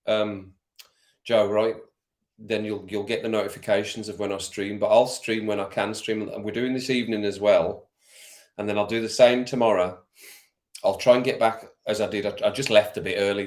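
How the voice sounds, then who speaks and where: A man chats casually with his stream viewers during a football watch-along, calling them by name and laughing easily. His voice sits low, and the sound echoes around the room he records in. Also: darkish tone. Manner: chatty, addresses chat viewers by name, laughs often. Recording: roomy echo.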